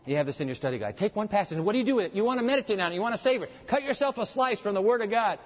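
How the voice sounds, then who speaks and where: Folksy high-voiced preacher in a hall. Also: male voice, very fast. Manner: folksy, animated, jokes with the audience. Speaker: pastor. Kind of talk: sermon with live demonstration. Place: church hall with audience. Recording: dull, long-reverb hall sound.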